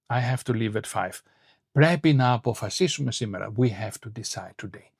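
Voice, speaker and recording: A man teaching a beginner Greek lesson online, saying model phrases clearly and slowly and setting short quizzes. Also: medium pitch, lively intonation, darkish tone, no room sound, studio quality. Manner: clear, slow model phrases with quiz prompts.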